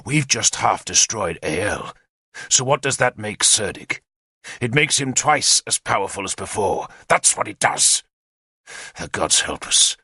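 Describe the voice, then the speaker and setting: A commanding warlord king voiced by a male narrator speaks low and soft, his anger held back and bitter. The recording is dry and close, with a darker, deeper tone than the narration. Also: animated, slow, hardly any pauses, husky, no echo, exaggerated voice. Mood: low and angry. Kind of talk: audiobook character voice.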